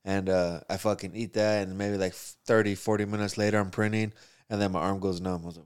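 Fast-talking man telling a rambling story. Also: lowish voice, fairly even intonation, smooth. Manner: profane, rambling storytelling with quoted asides. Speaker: storyteller in casual conversation. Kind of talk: casual chat.

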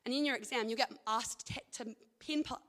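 A hall's long reverb surrounds this young woman as she gives a personal testimony of faith and reads scripture. Her fairly high voice is fairly bright and fairly quick, and she's earnest and rambling, constantly saying "like" and "I think."

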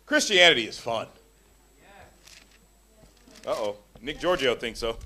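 A man preaching a sermon to a congregation, animated and joking, acting out the voices of the people in his stories. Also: mid-range voice, measured pace, a little hiss or hum. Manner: animated, acts out quoted voices.

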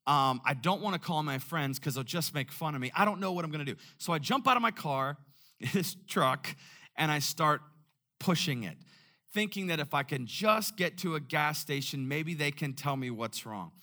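A male pastor preaching a sermon, telling a personal story and acting out the dialogue with lively energy. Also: fairly high pitch, moderate pace. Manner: animated storyteller, acts out dialogue.

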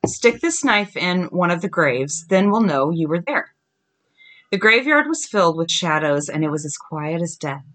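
With a lowish voice, a thirty-something woman who hosts a podcast shares scary stories aloud with her daughter. She giggles brightly and stretches the eerie lines into slow groans.

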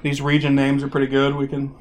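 A man's voice: medium pitch, completely flat delivery, fast, a little hiss or hum. A man hosting a casual podcast, joking and rambling with fillers. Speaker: podcast host.

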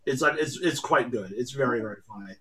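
Man, podcast co-host, rambling enthusiasm, rapid and bright. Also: mid-range voice. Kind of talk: casual chat.

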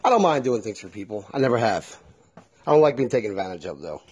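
A man's voice: on the low side, big pitch swings, fast, darkish tone, breathy edge. A middle-aged man hosting a solo podcast, talking bluntly and with a lot of feeling, swearing freely as he speaks his mind. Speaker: podcast host. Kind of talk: candid solo podcast monologue.

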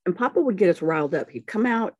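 A middle-aged woman with a Southern US accent, a podcast guest telling family stories in a relaxed, folksy way. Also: fairly low pitch, quick pace, husky, no echo. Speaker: podcast guest, the hosts' mother. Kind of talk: casual family storytelling.

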